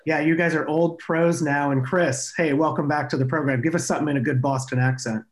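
A man's voice: a little high, fairly even intonation, brisk. A man hosting a podcast interview in an upbeat, chatty way, often restarting his sentences. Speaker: podcast host. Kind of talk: conversational interview.

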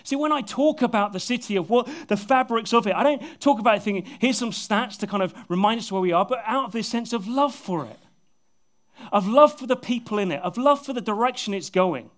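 Earnest high-voiced male preacher. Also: lively intonation, a little fast. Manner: earnest, often dropping to soft, intimate tones; self-deprecating humor with bursts of laughter. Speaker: pastor. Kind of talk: sermon. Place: church service with a congregation.

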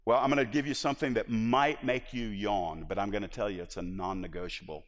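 A man's voice: lowish voice, steady tone, brisk. A man preaching a sermon in an impassioned, emphatic way, often restarting his words. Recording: long reverb of a large hall.

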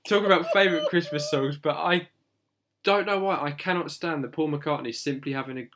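A man's voice: fairly high pitch, brisk, noisy background. A man co-hosting a casual podcast, bantering dryly and steering the chat toward the wrap-up. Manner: dry, bantering, steers the show. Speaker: podcast co-host.

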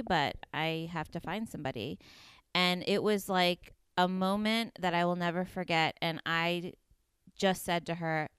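A woman's voice: on the low side, smooth, dry recording, studio quality. Earnest woman telling an emotional story. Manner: earnest, emotional storytelling with many fillers and quoted dialogue. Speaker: interview guest. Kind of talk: personal storytelling interview.

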